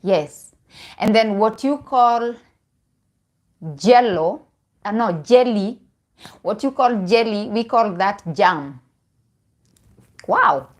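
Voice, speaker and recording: A woman's voice: a little high, lively intonation, slow, long pauses. A young woman with a Kenyan accent chatting casually on a live stream, laughing often and restarting her phrases. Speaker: vlogger.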